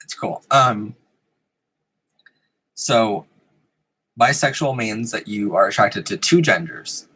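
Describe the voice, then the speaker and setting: A man's voice: lowish voice, fairly bright tone, husky, rough recording. A man hosting a live stream in casual chat, giggling often and rambling with frequent ums, in a room with a fan running. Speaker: host of a live-streamed show.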